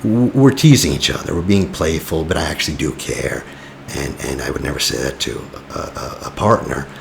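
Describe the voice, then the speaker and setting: A man's voice: a bass voice, moderate pace, vocal fry, slight background noise. A man talking as a relationship coach in casual, blunt advice, often tossing in "you know". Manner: blunt and teasing. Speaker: attachment coach.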